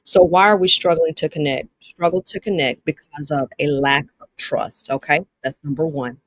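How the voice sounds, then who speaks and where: On a low-quality recording with slight background noise, a woman with a Southern US accent hosts a dating livestream at a normal pace. Her voice sits low as she reads viewer comments aloud and speaks to them directly, repeating herself often.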